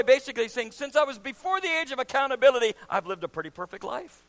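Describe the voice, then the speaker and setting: Preacher guy with a really high bright voice, goes soft then shouts, sermon in church. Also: animated, quick pace, hardly any pauses. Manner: dramatic swings from quiet to shouting. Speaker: pastor.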